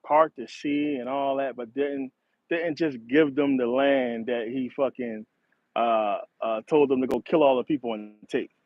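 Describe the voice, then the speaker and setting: A man's voice: medium pitch, steady tone, unhurried, no echo. A man hosting a casual monologue, rambling, cursing a lot and laughing often. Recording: dull, slightly lo-fi dry recording.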